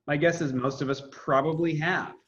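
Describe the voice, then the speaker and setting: A man's voice: fairly high pitch, steady tone, moderate pace, fairly bright tone, highs cut off. A man teaching a classroom lecture, talking casually, thinking aloud with fillers and restarts.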